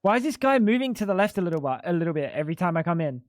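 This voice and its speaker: A man's voice: high-pitched, sing-song, racing, no room sound, studio quality. A man live-streaming a video game in casual, chatty commentary, swearing freely and calling everyone "dude". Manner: chatty, swears a lot, keeps saying "dude". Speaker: gaming streamer.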